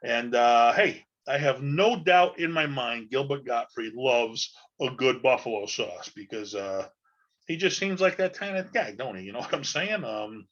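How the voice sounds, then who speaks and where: A man's voice: medium pitch, expressive, measured pace, a bit bright. A man hosting a podcast in a casual, rambling monologue full of fillers and loose talk, on a dull lo-fi recording. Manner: rambling, chatty, loose with fillers and mild swearing. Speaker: podcast host.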